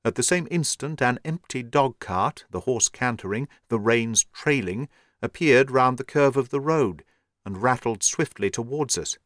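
A man giving a measured, steady narration of an audiobook. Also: mid-range voice, dry recording, studio quality.

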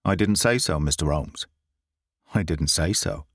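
A man's voice: extremely low pitch, expressive, a little slow, slightly rough, no room sound, clean studio sound, pitched below the performer's own voice, exaggerated voice. A man voicing a stubborn, sly country police inspector in a storybook reading, with a dogged, politely guarded manner.

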